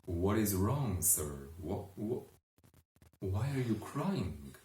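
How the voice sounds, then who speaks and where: Sly scheming woman played by a man, coaxing, slow, echoey room. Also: low-pitched, big pitch swings, dark tone, exaggerated voice. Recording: echoey room, distant mic.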